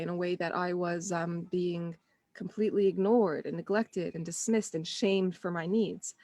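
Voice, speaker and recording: A woman's voice: lowish voice, a little mellow, no echo. A woman, maybe in her thirties, talking earnestly and conversationally to parents in a live online session, often restarting her sentences and acting out her own inner thoughts. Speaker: parenting coach.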